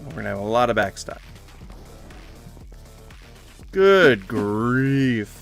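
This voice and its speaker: A man narrating his own gameplay in a loose, talkative way, dropping to quiet mumbles and then shooting up into startled shouts. His pitch swings widely, and a faint music bed plays under his voice. He complains with mock-formal sarcasm. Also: very animated, measured pace, vocal fry. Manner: mutters to himself, bursts into sudden loud yells. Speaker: gaming streamer. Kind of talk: casual gameplay commentary.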